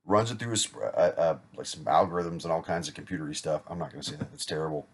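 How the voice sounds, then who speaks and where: A man's voice: rumbling low, fast talker, slightly rough. A man acting as an insurance agent in a practice sales role-play, talking casually with small jokes and self-corrections. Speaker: insurance agent rehearsing a client pitch.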